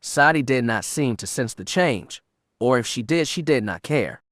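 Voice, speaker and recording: A man narrates an audiobook with steady, measured delivery in a mid-range voice, captured as a dry, clean studio recording.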